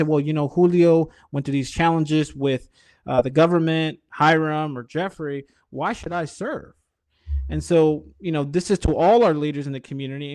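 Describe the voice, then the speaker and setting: A man's voice: a little high, darkish tone, no echo. A man hosting a podcast interview, speaking emphatically to the community and prompting his guest. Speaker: podcast host.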